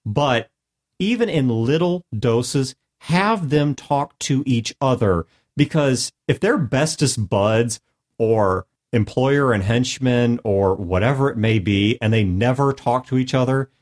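This podcast co-host speaks slowly in a mid-range, slightly mellow voice. He offers earnest, casual tabletop role-play advice as a set of numbered tips, downplaying his own skill in a self-deprecating way.

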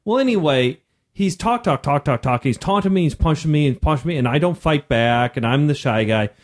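A man's voice: a little high, a little fast. A man in his thirties telling a story in casual podcast chat, acting out voices as he goes. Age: 30s. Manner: animated, acts out voices in his stories. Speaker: podcast co-host.

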